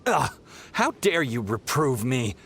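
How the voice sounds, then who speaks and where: A man voicing a brash, demanding young male pilgrim in a video game, theatrical and quick to take offense. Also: medium pitch, big pitch swings, a bit bright, slight background noise, full character voice. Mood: indignant. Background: game music.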